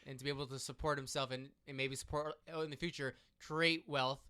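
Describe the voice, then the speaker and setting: In a casual political conversation he co-hosts, this man talks fairly quickly at a medium pitch, lively and prone to cutting off and starting his sentences over. The voice comes across forceful and bright, smooth and crisp.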